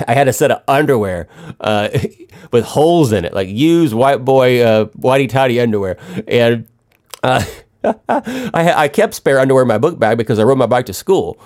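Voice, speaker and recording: A man's voice: medium pitch, animated, normal speed, a little mellow. A man in his thirties casually telling a personal story, rambling and swearing with restarts and chuckles.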